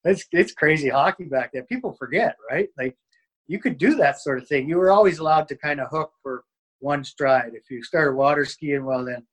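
A man's voice: a little high, normal speed, a bit bright, rough recording. A man, a former hockey player, telling stories in a casual interview, rambling with lots of fillers and restarts.

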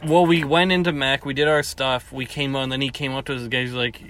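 A man co-hosting a podcast, recounting things in a laid-back, matter-of-fact way. His voice is middle-pitched and relaxed. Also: fairly quick, a crowd in the background. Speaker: podcast co-host. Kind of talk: casual chat.

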